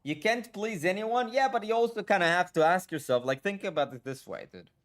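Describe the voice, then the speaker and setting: A gaming streamer with a high voice talks very fast and very animatedly while playing. His casual rant is blunt, profane and full of fillers.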